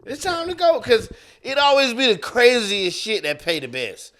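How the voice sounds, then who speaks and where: A stand-up comedian co-hosting a podcast, talking in a laid-back, slangy and profane way. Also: male voice, very high voice, huge pitch swings, moderate pace, fairly bright tone. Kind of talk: casual podcast chat.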